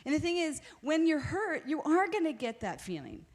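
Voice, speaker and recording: A woman sharing a personal story in a conversational sermon, candid and animated, with frequent restarts. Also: sits high, normal speed. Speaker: pastor's wife sharing in a sermon.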